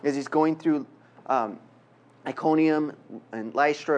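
A man preaching a sermon, reading scripture slowly and emphatically, with humorous asides. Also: mid-range voice. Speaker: pastor.

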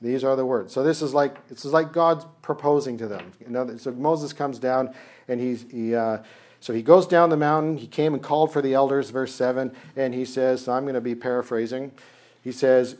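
A man delivers a sermon in an easygoing, conversational way. His voice sits at a middle pitch. He slips into humorous dialogue as he retells scenes from the text. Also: steady tone, normal speed, a little mellow. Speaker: pastor. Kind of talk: casual sermon.

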